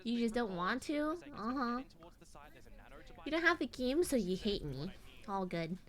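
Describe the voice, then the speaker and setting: A woman's voice: on the high side, big pitch swings, measured pace, fairly bright tone. A woman in her twenties, a streamer chatting casually and rambling through a story while acting out her family's lines. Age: 20s. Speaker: VTuber streamer.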